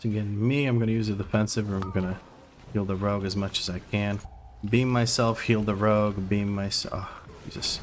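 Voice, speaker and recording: A low-voiced man keeps up live commentary on his game, mixing play-by-play with wry asides to his viewers. He speaks steadily and fairly quickly, over a faint hiss or hum.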